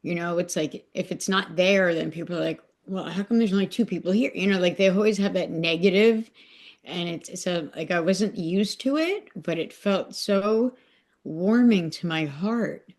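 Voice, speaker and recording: A woman's voice: on the low side, a little slow. A woman on a podcast sharing a personal devotional story, talking emotionally and rambling with many fillers. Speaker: podcast guest. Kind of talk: casual heartfelt sharing.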